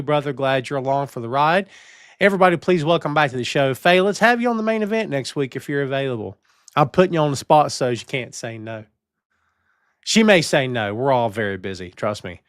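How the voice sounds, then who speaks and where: A man's voice: mid-range voice, lively intonation, a little fast, clean tone, no room sound, studio quality. A man hosting a live-streamed wrestling podcast, talking in a playful, theatrical way and greeting chat viewers. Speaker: podcast host.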